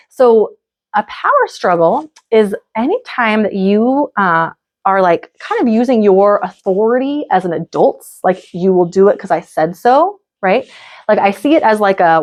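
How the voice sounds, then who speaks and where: Chatty woman leading a parenting workshop. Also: medium pitch. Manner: casual, chatty, many "like" and "right?" fillers. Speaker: parenting coach. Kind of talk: live parenting workshop talk.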